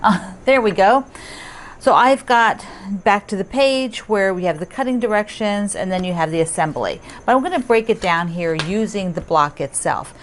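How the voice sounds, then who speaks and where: A woman hosting a casual quilting tutorial, chatty and upbeat, with asides and quick self-corrections. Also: medium pitch, expressive, a little hiss or hum. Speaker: quilting teacher and host.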